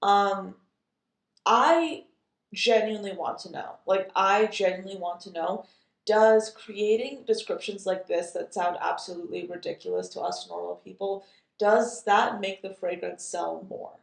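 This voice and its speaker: Chatty woman with a gravelly voice. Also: mid-range voice, expressive, a little slow, reverberant. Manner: chatty, amused, many fillers and asides. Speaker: fragrance reviewer. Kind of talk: casual chat.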